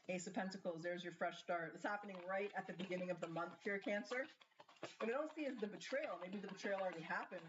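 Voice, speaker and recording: A woman's voice: fairly low pitch, background noise. Chatty woman doing a tarot reading. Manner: chatty, thinks aloud, asks the cards questions. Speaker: tarot reader. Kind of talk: casual tarot card reading. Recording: slightly dull lo-fi sound.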